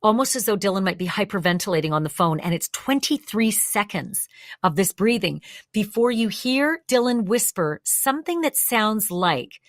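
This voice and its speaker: A woman's voice: mid-range voice, lively intonation, normal speed, no room sound, clean studio sound. A woman hosting a true crime show, talking through the evidence step by step in a conversational way. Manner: acts out quoted lines with more energy. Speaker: true crime channel host.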